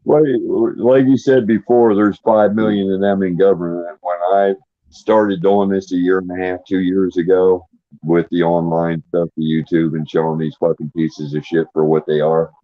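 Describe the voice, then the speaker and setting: Very deep-voiced, angry ranting man. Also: fairly even intonation, moderate pace, no room sound. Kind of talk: casual chat. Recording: dull, dry sound.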